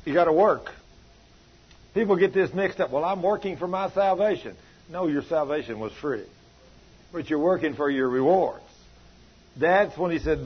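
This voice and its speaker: Husky folksy preacher. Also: male voice, fairly high pitch, lo-fi sound. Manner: folksy, rising and falling preaching cadence. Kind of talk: sermon.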